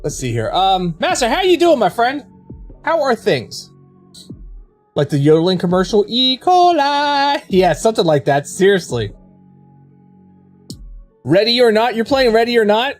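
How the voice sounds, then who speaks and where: Game streamer just rambling to chat, blunt, voice all over the place, quiet music behind. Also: medium pitch, sing-song, moderate pace, pauses often. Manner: rambling, frank storyteller with swearing and restarts. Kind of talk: casual chat with viewers while streaming.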